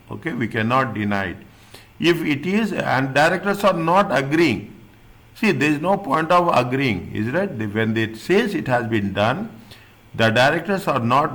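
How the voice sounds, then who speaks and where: A man's voice: medium pitch, fairly bright tone. A man tutoring an accounting class. He repeats his points, rephrases often and keeps checking that students follow. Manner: restarts and rephrases often, non-native phrasing. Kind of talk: classroom lecture.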